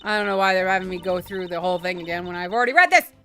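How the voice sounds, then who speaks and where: A woman's voice: on the low side, racing, bright, forceful tone, a little hiss or hum. A woman streamer commenting casually while playing a game, with murmured asides.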